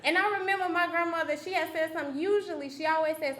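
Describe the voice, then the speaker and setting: High, bright-voiced young woman preaching. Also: quick pace. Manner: conversational and personal, with frequent restarts and asides. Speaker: guest preacher. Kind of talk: testimony-style sermon. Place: church sanctuary. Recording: echoey church sanctuary.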